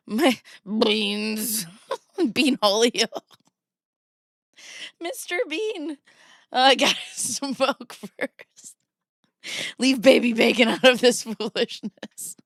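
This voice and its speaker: A woman's voice: sits high, a bit bright, no room sound, studio quality. A woman in her thirties hosting a casual livestream, giggly and often breaking into laughter. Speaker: streamer host.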